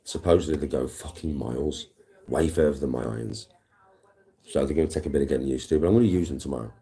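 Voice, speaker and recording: A man's voice: extremely low pitch, fast, warm tone. A man, chatting casually on a live stream, swearing freely and greeting viewers. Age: 40s. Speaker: livestreamer.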